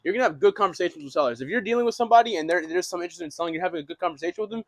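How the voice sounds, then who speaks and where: Fast-talking energetic young man teaching. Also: high-pitched, no room sound. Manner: energetic, repeats and restarts phrases, swears casually. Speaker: real estate wholesaling instructor. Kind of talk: casual classroom lesson.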